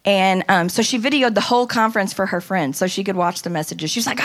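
A woman casually telling a lively story about a conference trip, often quoting people in animated voices. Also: medium pitch, fast. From United States. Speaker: speaker recounting a women's conference trip.

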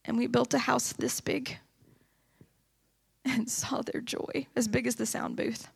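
Woman preaching at church, gravelly and a bit husky, gets really fired up. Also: fairly high pitch, little pitch movement, measured pace. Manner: impassioned, rising to emphatic preaching. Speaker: church speaker. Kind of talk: sermon testimony. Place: church sanctuary.

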